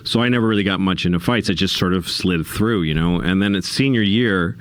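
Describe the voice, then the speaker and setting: A middle-aged man, a comedian guest on a podcast, telling a story in casual conversation, animated and self-mocking, laughing between lines. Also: low-pitched, a little fast, no room sound. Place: podcast studio.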